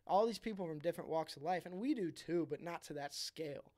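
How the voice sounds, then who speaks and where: A man with a fairly high voice hosts a podcast, talking in loose casual chat. He rambles, swears freely and fills his sentences with "like" and false starts. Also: brisk, darkish tone. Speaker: podcast host.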